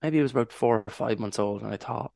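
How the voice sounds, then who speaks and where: A man's voice: medium pitch, fast, creaky, darkish tone, dry recording, clean studio sound. An Irish man, a podcast guest, talking casually and reflectively, rambling a little with restarts as he tells his story. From Ireland. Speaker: podcast guest, language advocate.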